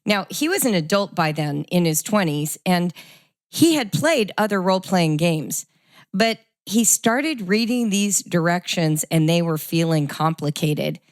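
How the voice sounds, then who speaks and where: A middle-aged woman hosting a podcast, telling a family story and leading into questions in an animated, conversational way. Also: lowish voice, a little slow, no room sound, studio quality. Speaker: podcast host. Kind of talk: conversational interview.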